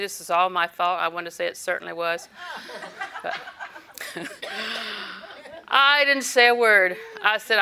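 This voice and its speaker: A woman's voice: mid-range voice, sharp tone. An older woman minister preaching a sermon, telling personal stories with quoted dialogue and occasional laughter.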